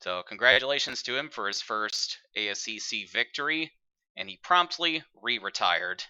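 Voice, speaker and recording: A man hosting and commentating a virtual racing broadcast in an upbeat, broadcast-style delivery with filler pauses. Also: medium pitch, lively intonation, sharp tone, smooth, highs cut off. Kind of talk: play-by-play commentary.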